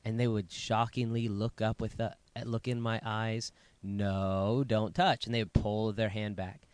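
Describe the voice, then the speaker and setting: A man's voice: mid-range voice, no room sound. Emphatic man, dry close sound. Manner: animated, emphatic, acts out quotes. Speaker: co-host, parent. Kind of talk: casual chat.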